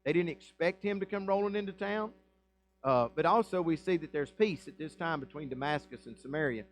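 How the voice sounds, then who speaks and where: A man's voice: a little high, brisk, faint music behind, poor audio. A man preaching a sermon as pastor, reading scripture and explaining it in a conversational way with rhetorical questions and asides. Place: church.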